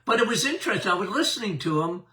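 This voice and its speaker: An older man talks health in a folksy, unhurried way, calling his listeners "folks" and "my friend." His voice is high and very bright, and it swings up and down a lot. He sounds a bit distant from the mic. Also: big pitch swings. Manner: folksy, addresses listeners directly. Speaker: doctor and podcast host. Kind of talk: casual health talk.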